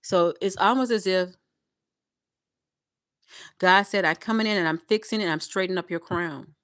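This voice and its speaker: A woman's voice: lowish voice, normal speed, fairly bright tone, dry recording. Woman doing a tarot reading for her viewers, hypes them up, repeats herself a lot, dry close audio. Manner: repetitive, encouraging, addresses viewers as y'all. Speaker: tarot reader. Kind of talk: collective tarot reading, spiritual pep talk.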